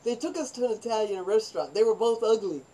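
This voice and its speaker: Older woman vlogger, rambling personal anecdotes told with lively acted-out quotes. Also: a little high, fast talker, poor audio. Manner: rambling, animated, acts out quoted voices. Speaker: vlogger telling her life story. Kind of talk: personal storytelling monologue.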